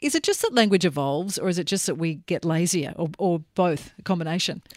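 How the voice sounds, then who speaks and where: A woman with an Australian accent hosting a talkback radio show in a studio, chatty and upbeat with quick interjections. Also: fairly low pitch, expressive, dry recording. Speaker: radio host. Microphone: studio microphone.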